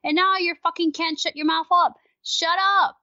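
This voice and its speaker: A woman guest on a casual podcast, talking in an animated, ranting way and swearing freely. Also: very high voice, a little fast, no echo. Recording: dry, dull lo-fi sound.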